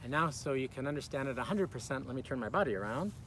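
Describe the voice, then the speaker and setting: A man teaching English, with clear, deliberate repeat-after-me drills. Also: medium pitch, animated, a bit bright, slight background noise. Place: outdoors in a park.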